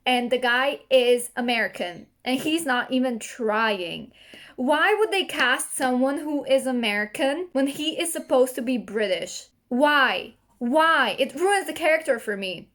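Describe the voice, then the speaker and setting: A young woman talking straight to her own camera in a loose, chatty vlog rant. Her voice sits a little high. She gets animated as she complains, and laughter keeps slipping into her words. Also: a little slow. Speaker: book vlogger.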